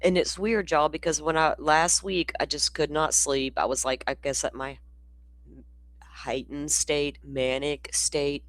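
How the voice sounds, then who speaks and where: A woman's voice: deep voice, steady tone, a little slow, dry recording. Blunt, profane woman streamer. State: yawning, sleepy. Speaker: livestream host. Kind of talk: casual livestream commentary.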